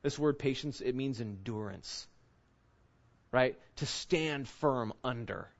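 A male pastor preaching an earnest sermon, often checking in with "right?" and slowing down to sink low on key phrases. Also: creaky, lo-fi sound. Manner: earnest, often asks 'right?'.

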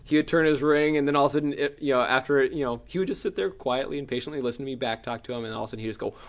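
A middle-aged man preaching a sermon, telling a personal story with acted-out cries and shouts. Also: mid-range voice, rapid-fire.

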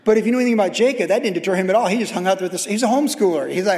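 A man's voice: high-pitched, sing-song, very fast, hardly any pauses. A middle-aged man who is a pastor, giving a sermon in a conversational, anecdotal and humorous way. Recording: reverberant hall.

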